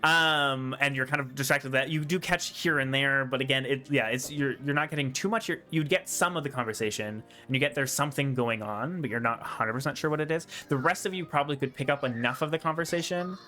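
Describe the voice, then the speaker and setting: Game master guy rambling casually, bright voice, faint music. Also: mid-range voice, quick pace, hardly any pauses. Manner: relaxed, rambling, full of fillers and laughs. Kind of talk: narrating a tabletop game.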